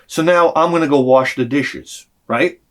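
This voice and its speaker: A man's voice: on the high side, measured pace. A man telling an exasperated, profane story in a sarcastic comic rant on his vlog. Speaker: vlogger.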